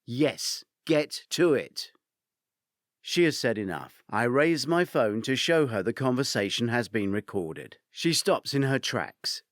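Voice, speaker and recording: A man narrating a first-person thriller audiobook, shifting between characters in an animated reading. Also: medium pitch, unhurried, few pauses, no echo, clean studio sound.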